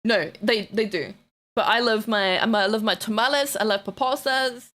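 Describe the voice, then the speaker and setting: A woman streamer chatting casually with her live chat, blunt and playful, teasing viewers, swearing freely and breaking into excited shouts and laughter. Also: medium pitch, moderate pace.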